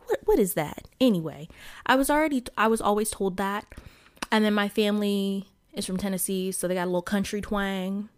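A woman's voice: mid-range voice, brisk, clean tone. A woman hosting her own podcast in casual solo chat, talking to listeners with a Midwestern accent touched by a Southern country twang, chatty and full of fillers. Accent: Midwestern with a little Southern country twang. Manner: chatty, addresses listeners as y'all, many fillers. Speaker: podcast host.

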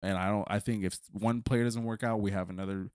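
A man's voice: on the low side, fairly even intonation, brisk, a little mellow, dry recording, studio quality. A man co-hosting a sports podcast in casual chat, rambling and often saying "like". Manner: rambling, many "like" fillers. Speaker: podcast co-host.

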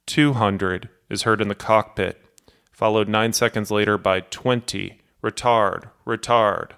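A man narrating a true aviation disaster story in a steady, measured scripted style. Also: on the low side, smooth. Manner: steady, measured storytelling that acts out cockpit quotes.

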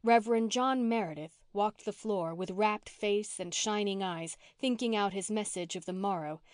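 A woman narrating a classic novel for an audiobook, telling the story in a calm, even way. Her voice sits at a middle pitch, and the sound is dry and close to the microphone, with no room echo. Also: moderate pace. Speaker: audiobook reader.

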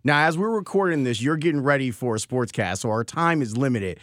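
A man's voice: medium pitch, expressive, fairly bright tone, dry recording. A man in his forties hosting an interview and asking casual questions. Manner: conversational, halting with restarts. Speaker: podcast host.

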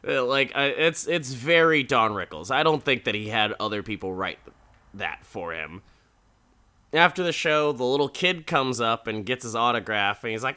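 A man's voice: mid-range voice, expressive, normal speed, pushed and bright. A man casually recapping a TV episode with chatty, crude, laughing asides. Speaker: podcast host recapping an episode.

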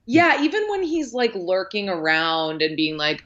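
A woman's voice: mid-range voice, expressive, normal speed, few pauses, a bit bright, muffled recording. A woman guest on a podcast, talking about a film in a chatty way, full of fillers and acted-out quotes. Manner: chatty, lots of likes and ums, acts out quotes. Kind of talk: casual film discussion.

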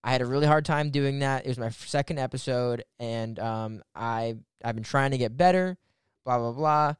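A young man hosting a podcast, telling a story in casual, animated chat and swearing now and then. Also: mid-range voice, moderate pace, clear, resonant tone, no room sound, studio quality. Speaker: podcast host.

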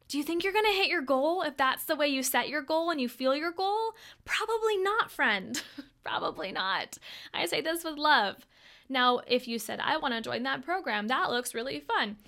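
A young woman coaching a live online training. Her voice sits fairly high, and her delivery is upbeat and friendly. She talks straight to her listeners, step by step. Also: a bit bright, clear, resonant tone. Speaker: host.

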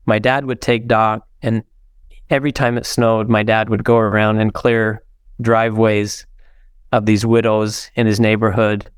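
A man in his sixties, a podcast guest, telling heartfelt stories in an earnest, halting way with many fillers. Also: lowish voice, level tone, clean tone, dry recording, clean studio sound. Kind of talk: conversational storytelling.

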